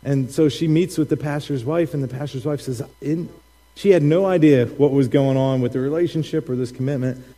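A man's voice: mid-range voice, brisk, warm tone. A middle-aged man, a pastor, preaching a sermon and telling a personal story with laughter, acting out the voices of the people in it. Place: church sanctuary. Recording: long hall reverb.

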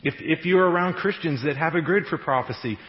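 A man's voice: on the high side, brisk. Man preaching in an echoey hall. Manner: conversational, animated, laughs at own jokes. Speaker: pastor. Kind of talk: sermon. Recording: echoey hall, dull radio-like sound.

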